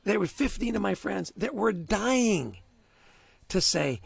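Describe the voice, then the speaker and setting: A high-pitched man with a gravelly, husky edge to his voice, talking as a guest in a casual interview. He tells stories in an animated way, stumbles over repeated words and laughs often. The sound is dry and close. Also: slow pace, dry recording.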